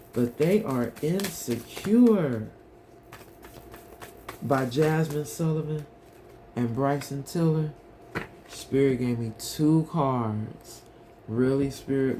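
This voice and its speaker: Tarot reader, slow unhurried delivery, chatty and talks straight to viewers, faint background hiss. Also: mid-range voice, warm tone. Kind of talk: collective tarot reading, casual chat.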